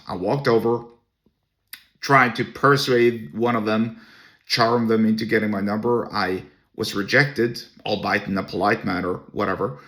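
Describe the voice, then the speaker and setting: A man's voice: fairly low pitch, fairly bright tone. A man hosting a podcast, telling a personal story to camera in a blunt, crude and scornful way. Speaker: podcast host.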